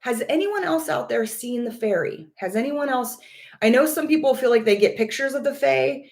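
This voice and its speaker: A woman's voice: sits high, expressive, moderate pace, vocal fry, a little mellow. A woman casually telling viewers about a personal experience. She speaks earnestly, searches for words and repeats phrases as she goes. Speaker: vlogger.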